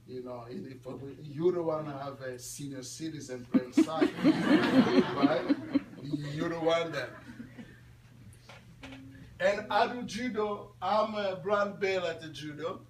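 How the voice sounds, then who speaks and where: A man in his twenties giving an animated, laughing talk to students at a school, quizzing his audience. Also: on the high side, measured pace, background noise. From Congo. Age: 20s. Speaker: guest speaker at a school. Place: classroom or school hall. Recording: echoey room audio from far off.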